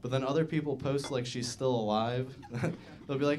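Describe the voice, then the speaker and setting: Crowd noise, background noise and audience laughter fill this live comedy club recording of a man in his 20s doing stand-up. He rambles casually with plenty of "uh" and "like", speaking at a normal speed in a mid-range voice.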